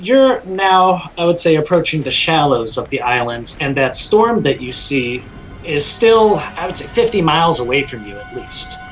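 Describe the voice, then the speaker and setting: A man narrating a tabletop game as dungeon master, in a relaxed, loose way with many fillers. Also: fairly high pitch, normal speed, faint music behind, poor audio.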